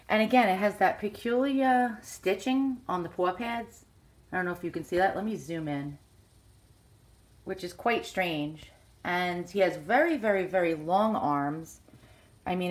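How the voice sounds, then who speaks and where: A woman with a New York accent chatting casually while showing a vintage teddy bear, hesitant and full of fillers, filming on a handheld phone. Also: on the low side. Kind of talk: casual show-and-tell vlog. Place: outdoors, then indoors at home.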